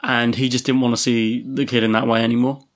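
A man's voice: medium pitch, flat delivery, brisk. Man telling a story on a podcast. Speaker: podcast co-host. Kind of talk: casual chat, storytelling.

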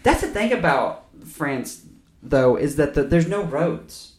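A podcast host rants in loose, profane film chat, laughing often as he goes. His pitch swings widely, and he sits back from the mic in an echoey room, so his voice sounds roomy and distant. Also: very animated, slow, a little mellow. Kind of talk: casual film-review chat.

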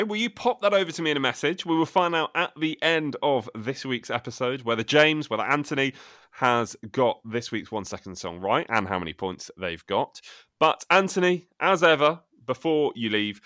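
Upbeat podcast guy, teasing, bright voice. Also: mid-range voice, dry recording, clean studio sound. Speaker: podcast co-host. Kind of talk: casual chat.

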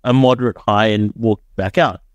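A man's voice: on the low side, steady tone, normal speed, no echo. A young adult man from Dubai, a podcast guest telling his story in casual chat, often tagging sentences with "right?". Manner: storytelling, frequent "right?" tags.

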